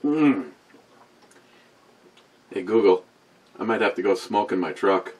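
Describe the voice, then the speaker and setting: Man, 60s, beer review host, low voice, rambling, profane, wisecracking. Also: expressive, takes it slowly. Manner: talks back to a voice assistant. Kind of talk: casual chat to camera.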